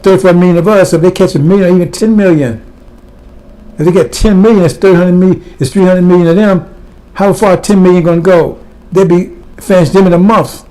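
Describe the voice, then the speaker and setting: Fiery preacher man with a mellow voice. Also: high-pitched, steady tone, brisk. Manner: impassioned, blunt, fires rhetorical questions at listeners. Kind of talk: fiery sermon.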